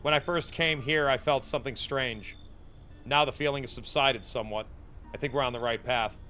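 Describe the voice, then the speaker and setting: Ominous prophet type, measured archaic delivery, bright tone; a man voicing him. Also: mid-range voice, faint music behind, close to an everyday voice. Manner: slow portentous archaic speech. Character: cryptic ominous male seer, solemn and foreboding.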